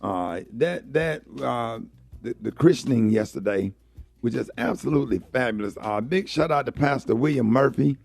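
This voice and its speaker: Man, gravelly, effusive morning radio host, faint music behind. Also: mid-range voice, lively intonation, no echo. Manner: effusive shout-outs, halting with many uhs. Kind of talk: casual morning radio talk.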